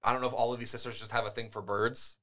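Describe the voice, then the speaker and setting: A man's voice: mid-range voice, flat delivery, racing, pushed and bright. A man co-hosting a podcast, reading a fairytale aloud and breaking off with wry, joking comments. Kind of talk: casual storytelling with asides.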